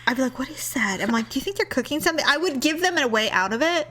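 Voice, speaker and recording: A middle-aged woman hosting a podcast in a home bedroom studio, reacting in quick, playful, teasing casual chat. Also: sits high, expressive, a bit bright. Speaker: podcast host.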